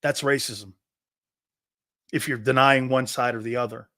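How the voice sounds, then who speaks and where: A middle-aged man hosting a sports talk show, a brash, loud storyteller who acts out the quotes. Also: mid-range voice, fairly even intonation, a little slow, no room sound, clean studio sound.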